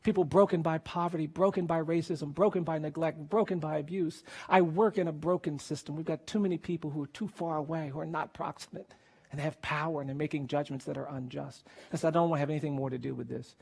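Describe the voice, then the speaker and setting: A man, a lawyer, telling a personal story in an emotional public speech, earnest and grave, often dropping to a quiet intensity. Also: fairly high pitch, steady tone, fast, vocal fry, husky.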